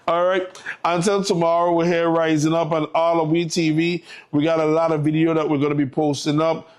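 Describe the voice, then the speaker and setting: A man with a Virgin Islands accent, hosting a live morning show and closing with an upbeat, encouraging monologue. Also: a little high. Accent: Virgin Islands English.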